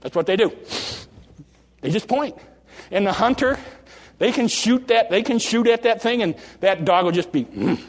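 A man preaching a sermon from the pulpit in a folksy, animated way, often restarting phrases and slowing down for drama. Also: high voice. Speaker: pastor. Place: church sanctuary. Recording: long reverb of a large hall.

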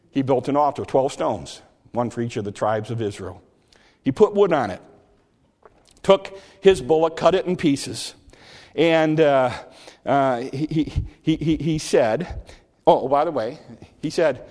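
A man preaching a sermon, retelling a story with animated energy and frequent restarts. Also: medium pitch, takes it slowly, long pauses. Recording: long hall reverb.

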